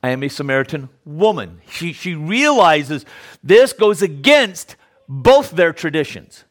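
A man's voice: on the high side, very animated, a little slow. Guy giving a chatty sermon, keeps asking okay?, stumbles and repeats words. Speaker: preacher. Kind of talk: conversational sermon.

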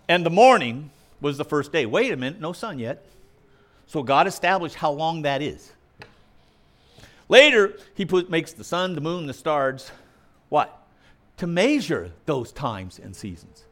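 A male preacher delivering an emphatic, argumentative sermon, mimicking objections and swinging between loud punchy lines and quiet asides. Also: a little high, big pitch swings, a little slow, pauses often.

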